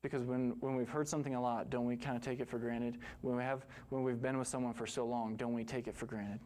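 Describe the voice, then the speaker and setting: A male pastor delivering a sermon in an earnest, storytelling manner, his voice sitting at an ordinary middle pitch. He builds toward impassioned emphasis as the message peaks. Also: level tone, fast, a little mellow.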